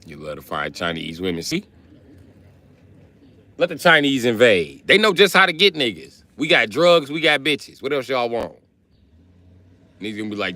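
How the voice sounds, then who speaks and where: A man's voice: medium pitch, big pitch swings, moderate pace, long pauses, pushed and bright. A man riffing profanely on a livestream, switching between bits as he talks. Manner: profane, riffing, jumps in and out of voices. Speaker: comedian streamer.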